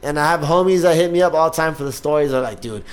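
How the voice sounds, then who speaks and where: A man who does open-mic comedy, talking in a casual podcast chat with a raspy voice and a profane, animated way of telling stories. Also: on the high side, very fast, faint music behind.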